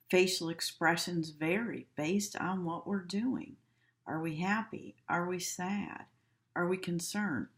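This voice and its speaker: A woman teaching a class from her home, explaining and acting out examples in a demonstrative way. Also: deep voice. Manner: slow, demonstrative, acts out tones and gestures. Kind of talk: recorded class lecture from home.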